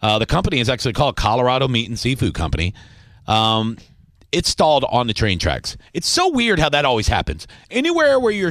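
A man hosting a radio show, telling a story in casual banter with relaxed fillers. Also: mid-range voice, dry recording, clean studio sound.

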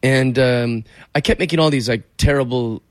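A man's voice: mid-range voice, moderate pace, dry recording, studio quality. A young man from Seattle, a guest telling casual anecdotes in a rambling way, full of "like". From Seattle, USA. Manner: rambling, fills with "like".

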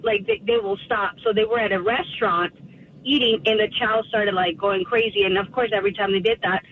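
A woman's voice: medium pitch, fairly even intonation, brisk, slightly rough. A woman calling into a radio show, telling a story hesitantly with many fillers over a tinny phone line. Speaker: caller. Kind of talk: casual phone chat.

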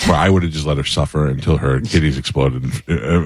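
A man hosting a radio talk show, telling deadpan stories and dark jokes about married life. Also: extremely low pitch, a little fast, no room sound, clean studio sound. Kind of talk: casual comic banter.

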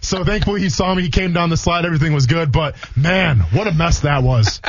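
A man from Wisconsin, co-hosting a radio show, telling animated stories in casual banter. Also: a little high, fairly quick, no room sound, dull audio. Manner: animated storyteller, acts out quoted lines.

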